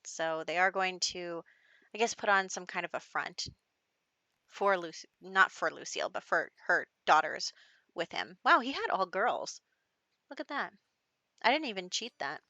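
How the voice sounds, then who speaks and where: A woman's voice: lowish voice, animated, measured pace, sharp tone, no echo, highs cut off. A woman giving casual, chatty let's-play commentary on a life-sim game, laughing often. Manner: chatty, laughs often, speaks lines for characters in passing. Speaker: gameplay commentator.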